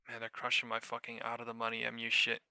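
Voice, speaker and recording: A man streaming his live day trading, muttering profanely and anxiously to himself, with sudden shouts away from the microphone. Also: medium pitch, vocal fry, clear, resonant tone, dry recording.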